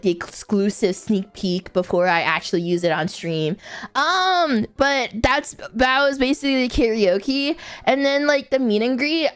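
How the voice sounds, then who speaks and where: Casual female streamer, high voice, rambling and giggly. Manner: rambling, giggly, many fillers. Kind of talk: casual chat.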